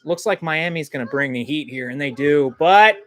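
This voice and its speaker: A man hosting a livestream football reaction, excitable and quick to get indignant at calls, loose and rambling with many ums. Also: fairly high pitch. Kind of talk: live football reaction commentary.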